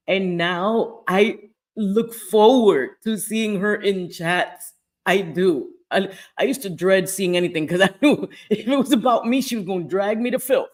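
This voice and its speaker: A woman's voice: mid-range voice, moderate pace. A woman hosting a live stream, reading the chat and talking casually, candid and emphatic, repeating her points and swearing freely. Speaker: livestream host reading chat.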